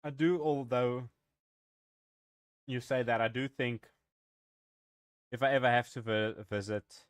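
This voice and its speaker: A man's voice: medium pitch, steady tone, unhurried, smooth, no room sound, clean studio sound. A man from Africa, live-streaming a game and chatting in a rambling, joking way with his viewers. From South Africa. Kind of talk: casual live-stream chat.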